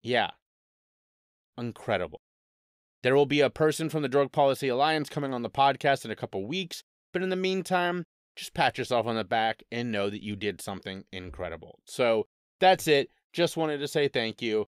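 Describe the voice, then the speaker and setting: A man's voice: medium pitch, lively intonation, moderate pace, clear, resonant tone, dry recording, clean studio sound. A man hosting a podcast who speaks directly to his listeners in an upbeat way. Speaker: podcast host.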